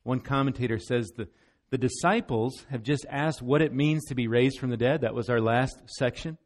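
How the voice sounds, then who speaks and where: A man's voice: medium pitch, normal speed. Male pastor, sermon delivery, emphatic and earnest, middle-range voice. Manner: earnest, emphatic, often repeats words.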